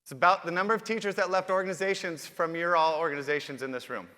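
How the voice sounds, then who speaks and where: A man's voice: fairly high pitch, steady tone, fast talker, sharp tone. A man hosting a conference keynote, talking straight to the audience and tossing them questions. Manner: upbeat, addresses the audience directly with questions. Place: large conference hall. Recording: reverberant hall with long echo.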